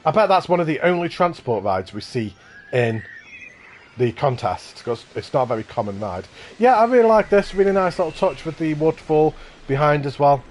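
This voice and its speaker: A man's voice: fairly high pitch, sing-song, normal speed, a little mellow, slight background noise. Enthusiastic man hosting a live park tour. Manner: enthusiastic, effusive praise. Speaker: livestream host touring contest parks. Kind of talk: casual live commentary.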